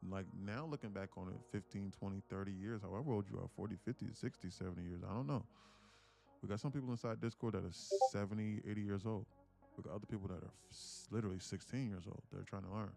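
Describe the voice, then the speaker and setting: A man with a fairly low voice hosts a casual live stream, chatting straight to his viewers. He talks in a reflective, personal way. Soft music plays quietly behind him. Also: fast talker, vocal fry. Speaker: live-streaming day trader host.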